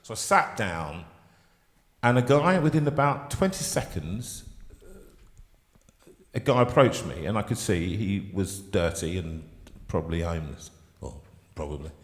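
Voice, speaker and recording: A man hosting a live show, telling an emotional personal story with halting restarts. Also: deep voice, animated, echoey room, big-room sound. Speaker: host.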